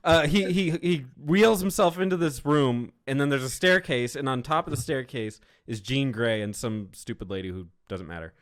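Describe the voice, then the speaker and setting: A man's voice: mid-range voice, normal speed, hardly any pauses. A man co-hosting a casual movie chat, cutting in with wry, sarcastic asides. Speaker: podcast co-host.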